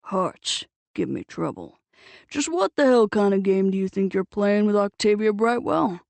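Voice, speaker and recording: A woman voicing a combative older man with a loud, bossy manner in an audiobook. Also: sits high, big pitch swings, normal speed, vocal fry, no echo, full character voice. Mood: angry. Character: gruff older man, bushy-browed and combative.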